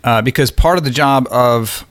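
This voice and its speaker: A man speaks in a candid, searching way and keeps restarting his sentences as he works out what he thinks. His voice sits at an ordinary middle pitch. The sound is dry and close, with no room echo. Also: a bit bright. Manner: halting, restarts often, thinks aloud. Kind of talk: candid conversational discussion.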